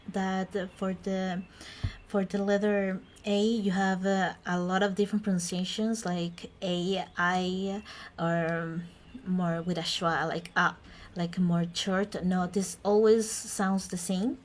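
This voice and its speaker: Woman, language teacher, unhurried, self-correcting, mid pitch. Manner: chatty, self-correcting, laughs between points. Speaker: Spanish teacher. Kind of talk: informal language lesson.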